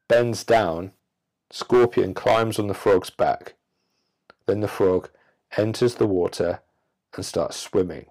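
A man's voice: lowish voice, darkish tone. A man hosting a solo podcast, speaking in a blunt, profane and preachy way. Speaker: podcast host.

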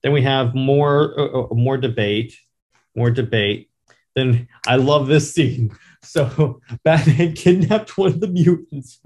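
A man giving a casual, enthusiastic and rambling recap of a comic book, with halting phrasing. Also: medium pitch, darkish tone.

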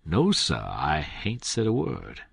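A man voicing a cautious, humble grown man who gives slow, quiet replies in dialect. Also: low voice, huge pitch swings, gravelly, husky, no echo, clean studio sound, full character voice. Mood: guarded.

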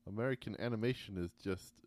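A man co-hosting a podcast in casual chat, playful and teasing with quick jokey remarks. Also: fairly low pitch, darkish tone, dry recording. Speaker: podcast co-host.

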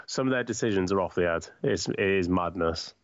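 A man's voice: low voice, a little fast, dry recording, dull audio. A man co-hosting a podcast, swearing freely and laughing as he tells stories in casual banter. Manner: sweary, laughs often, animated storytelling. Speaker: podcast co-host. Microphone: remote call.

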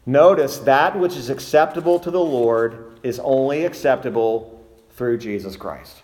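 Guy preaching a sermon, reads scripture then explains it, earnest and emphatic. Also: mid-range voice. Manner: earnest, emphatic, rises and slows on key words; plain reading voice for scripture.

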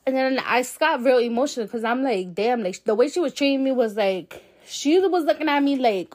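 A woman's voice: fairly high pitch, expressive, brisk, hardly any pauses, darkish tone. A young adult woman hosting a podcast, telling a personal story in a candid, chatty way, with lots of fillers and swearing. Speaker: podcast host. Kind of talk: casual storytelling. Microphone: solo podcast mic.

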